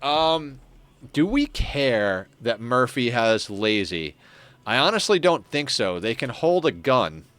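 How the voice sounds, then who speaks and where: A man's voice: mid-range voice, big pitch swings, slow, a bit bright, dry recording. A man casually commenting on his game as he plays, chatting with viewers and thinking aloud. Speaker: streamer.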